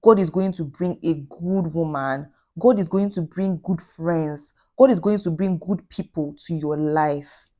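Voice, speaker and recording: Tender, low-voiced woman vlogger, mellow tone. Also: a little slow, hardly any pauses. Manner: tender, encouraging, repeats phrases for emphasis. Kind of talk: heartfelt advice vlog.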